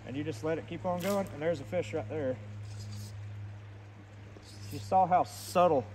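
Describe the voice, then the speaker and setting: A man's voice: on the high side, slight background noise. A man giving casual, instructive fly fishing tips out on a stream while he casts. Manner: easygoing, instructive, talks while casting. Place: outdoors wading a stream. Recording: distant outdoor mic with rushing stream. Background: loud flowing water.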